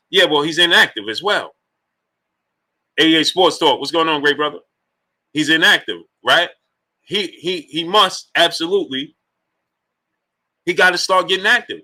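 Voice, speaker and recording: Male livestream host, bright sharp tone, chatty and animated. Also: fairly high pitch, brisk. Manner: animated, shouts out viewer names between opinions. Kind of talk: casual live stream chat, reading super chats.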